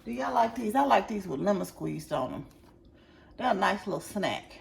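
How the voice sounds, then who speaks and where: A woman with a mid-range, gravelly voice and lively intonation chats at a moderate pace, recorded from a distance in an echoey room with background noise. She's casually vlogging at home, unpacking groceries while talking straight to her viewers and addressing them directly the whole time.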